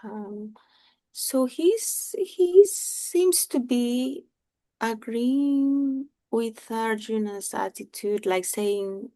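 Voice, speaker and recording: Woman, very slow, gravelly, mellow, dry sound, halting with many ums. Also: fairly high pitch, no echo. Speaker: class participant. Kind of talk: hesitant question in study group.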